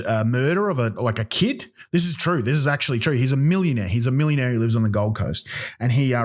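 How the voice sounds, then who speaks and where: A man of ordinary pitch riffs through a comedic monologue, swearing freely. He rambles, trips over restarts and fills the gaps with ums as he builds each bit. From Australia. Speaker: comedy podcast host. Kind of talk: solo comedic rant.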